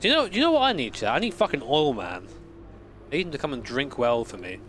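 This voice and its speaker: A man's voice: medium pitch, sing-song, fast, fairly bright tone, slight background noise. A man in his late twenties, a sim racing streamer chatting casually with swearing and rambling stories. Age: late 20s. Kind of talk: casual live-stream chat.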